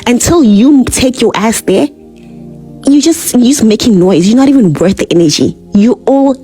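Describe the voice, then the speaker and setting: A woman's voice: on the high side, animated, unhurried, warm tone, faint music behind, poor audio. Scornful woman ranting online. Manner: scornful, insulting, full of "like" fillers. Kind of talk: heated online rant.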